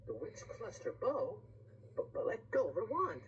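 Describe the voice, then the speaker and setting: Expressive woman reading a picture book. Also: mid-range voice, normal speed, highs cut off, slight background noise. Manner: lively rhyming read-aloud with asides to the listener.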